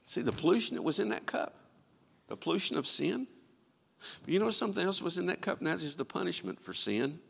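A man preaching a sermon, quoting scripture and swinging from loud, ringing lines to hushed ones. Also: high-pitched, big pitch swings, brisk, vocal fry, breathy edge, in a large hall.

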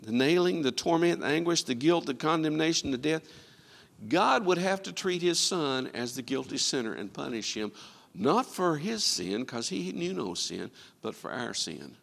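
A man preaching a sermon, quoting scripture and swinging from loud, ringing lines to hushed ones. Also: a little high, gravelly, long reverb tail.

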